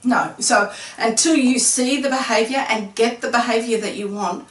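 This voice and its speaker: A woman interviewer in a casual chat, her voice a touch high and recorded from some distance. She keeps leading the guest with questions and confirming each reply. The room adds a noticeable echo. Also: moderate pace. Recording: echoey room, mic at a distance.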